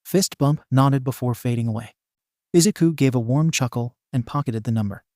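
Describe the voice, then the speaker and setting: A man reading a fan fiction story aloud as narrator, with a steady, even delivery. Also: medium pitch, moderate pace, no echo, clean studio sound.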